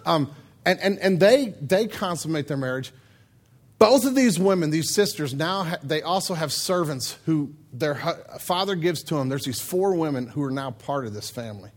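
A man preaching a humorous sermon, joking and talking in an animated, conversational way. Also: on the high side, moderate pace.

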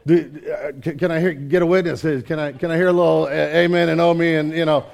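A male pastor preaching at a church service, his voice sitting a little high. He talks conversationally and keeps asking the congregation questions. He acts out his own grumbling prayers to God with animated energy. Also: fast, creaky. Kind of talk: sermon.

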